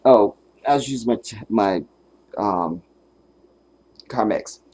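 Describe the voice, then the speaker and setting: On a casual solo livestream, a male host tells stories with animated, profanity-laced energy. His voice is lowish and his pace slow, and he often bursts out laughing or makes emphatic declarations.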